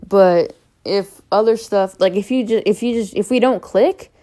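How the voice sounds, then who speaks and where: A woman's voice: mid-range voice, moderate pace, mellow. A young woman talking to camera about personal matters, rambling, unscripted and candid, with frequent fillers. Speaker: vlogger.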